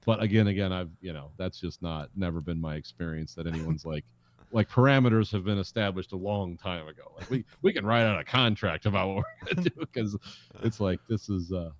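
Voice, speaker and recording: A man's voice: sits low, lively intonation, brisk. A man co-hosting a casual movie podcast, rambling with hesitant restarts and acting out little quotes. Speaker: podcast co-host.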